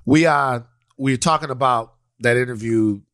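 A man co-hosting a podcast in casual chat, animated and prone to restarting and repeating his phrases. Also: medium pitch, moderate pace, no room sound, clean studio sound. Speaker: podcast co-host.

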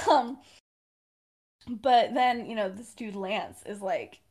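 Young woman, podcast co-host, casual storytelling, fairly high voice, chatty, laughs a lot. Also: slow, long pauses, slightly rough. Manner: chatty, laughs often, many fillers. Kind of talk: casual fan-fiction storytelling.

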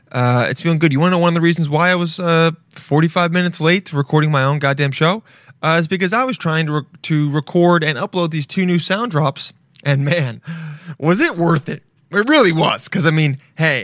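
A young man hosting a casual solo podcast, rambling and cursing freely. His voice sits a little high for a man and jumps into loud yelps. The sound is dry and close, with no room echo. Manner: swearing, rambling, loud swings into yelling. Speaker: podcast host.

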